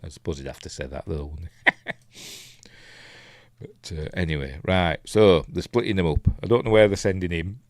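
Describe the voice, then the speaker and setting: A man's voice: sits low, normal speed, long pauses, dry recording, clean studio sound. A man with a Yorkshire accent hosting a casual live film commentary, rambling and hesitant with lots of ums and restarts, chuckling at his own asides. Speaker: film reviewer hosting a live watch-along.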